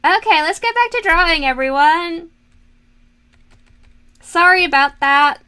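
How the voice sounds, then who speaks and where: Young woman streamer chatting while drawing, bright voice, slow rambly self-mocking, giggly. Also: very high voice, expressive. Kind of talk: casual livestream chat while drawing.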